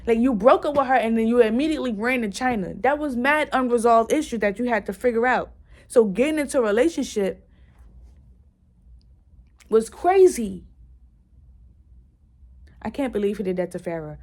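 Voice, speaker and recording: A woman chatting casually in a book review, retelling scenes excitedly with lots of "like"s and restarts, and cursing bluntly. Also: a little high, moderate pace, pauses often. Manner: blunt, curses freely.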